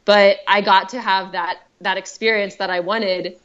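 A woman's voice: mid-range voice, steady tone, a little slow, a bit bright, lo-fi sound. A woman telling her own story as a podcast guest, chatty and heartfelt, with many fillers and restarts. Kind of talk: personal storytelling.

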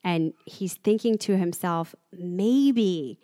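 Woman, podcast co-host, lowish voice, close and dry sound, thoughtful book talk. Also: normal speed, a little mellow, no echo. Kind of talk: casual book discussion.

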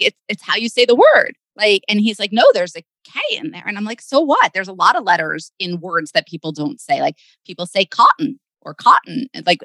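A woman's voice: medium pitch, pushed and bright, no echo, poor audio. A woman co-hosting a casual podcast, playful and self-deprecating, laughing easily. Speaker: podcast co-host, doctor.

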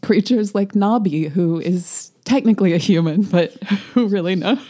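A woman in casual conversation about a novel, animated and laughing often, slipping into mocking quoted voices. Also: mid-range voice, moderate pace. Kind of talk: casual book discussion.

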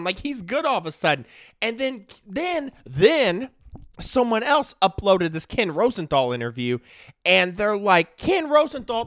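A man delivering a casual sports rant with a lively, swooping delivery. He peppers his talk with slang and keeps checking in with the listener. The sound is dry and close, with no room in it. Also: very high voice, dry recording. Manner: animated, slangy, peppered with "right?" and "dude"; opinionated, ranting. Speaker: sports commentator.

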